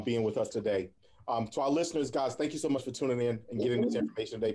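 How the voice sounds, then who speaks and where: A man's voice: lowish voice, dark tone. A man hosting a radio talk show, speaking in an encouraging, preacher-like way with repeated phrases.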